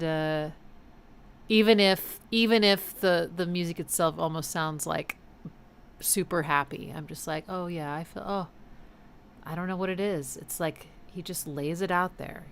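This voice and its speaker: Woman host, low-ish voice, loose rambling reaction chat between songs. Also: a bit bright, a little hiss or hum. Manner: rambling, musing, many fillers. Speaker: music stream host. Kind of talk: casual reaction commentary.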